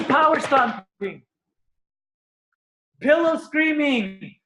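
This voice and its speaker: Earnest male spiritual teacher, animated motivational talk. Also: sits high, unhurried, highs cut off. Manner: earnest, animated, acts out screams and stomps.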